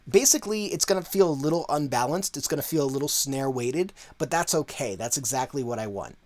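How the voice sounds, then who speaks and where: A man teaching audio mixing in a relaxed, conversational way, full of casual fillers. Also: medium pitch, a little fast, a little hiss or hum. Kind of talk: casual tutorial walkthrough.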